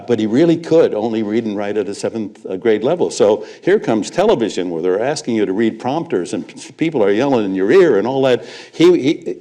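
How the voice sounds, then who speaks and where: An older man shares stories as a guest at a live event. His voice sits a little low. He tells them like a seasoned raconteur, with a chuckle after each punchline. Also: mellow. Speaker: guest, veteran sportscaster. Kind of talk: storytelling anecdotes on stage. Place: live event before an audience.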